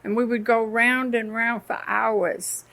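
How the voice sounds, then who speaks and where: A woman's voice: on the high side, flat delivery, unhurried, a bit bright. A woman co-hosting a Christian radio talk about marriage, chatting and telling stories from her own marriage. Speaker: co-host teaching a Christian marriage class. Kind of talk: casual radio discussion.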